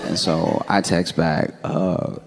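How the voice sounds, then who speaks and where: Male stand-up comic, very low voice, dry storyteller, noisy live room. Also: slow pace. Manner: laid-back, deadpan storytelling with bursts of audience laughter. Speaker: stand-up comedian.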